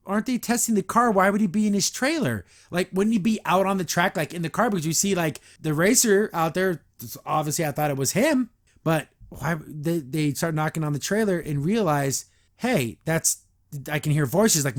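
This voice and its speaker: A man hosting a podcast, reviewing a cartoon episode in a rambling, animated way, acting out the characters as he retells it. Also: high-pitched, fairly quick. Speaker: podcast host.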